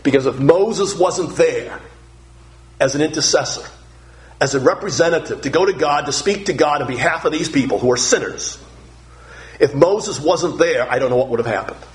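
A man's voice: a little high, lively intonation, moderate pace. A male pastor delivering a sermon, earnest and emphatic, often repeating words to stress a point.

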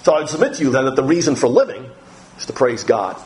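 A man preaching a sermon on the Psalms, talking straight to his listeners and reading scripture slowly with emphasis. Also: mid-range voice, big pitch swings, a little mellow. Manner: talks directly to listeners, thinks aloud. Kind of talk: sermon teaching through the Psalms.

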